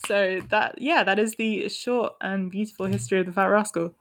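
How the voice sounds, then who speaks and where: A woman's voice: mid-range voice, fairly even intonation, normal speed. A woman co-hosting a podcast in a chatty, giggly, casual way. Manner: chatty and giggly, laughs often. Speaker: podcast co-host. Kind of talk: casual chat.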